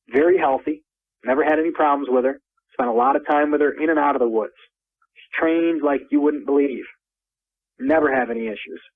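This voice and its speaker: Man, husky, calling in over a narrow phone line, rambling first-person storyteller who repeats himself. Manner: rambling, repeats words, climbs in pitch when excited. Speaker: caller recounting an encounter.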